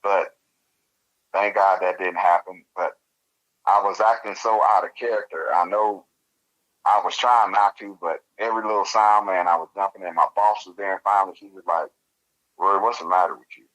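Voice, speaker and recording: Deep, bright-toned Louisiana man. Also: moderate pace, low-quality recording. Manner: colloquial, animated storyteller. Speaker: guest researcher. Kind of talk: casual storytelling interview.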